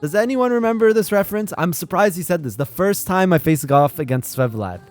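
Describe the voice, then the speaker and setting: Here a high-voiced streamer speaks briskly over faint background music as he hosts a strategy game lobby live. Excitable, he keeps addressing his chat and bursting into laughs.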